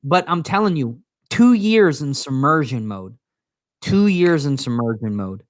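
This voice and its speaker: A teasing man co-hosting a casual live chat. His pitch swings widely as he jokes and cuts in, and the sound is close and dry. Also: lively intonation, measured pace, no echo. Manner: teasing, playful, interrupts. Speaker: co-host. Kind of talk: casual livestream banter.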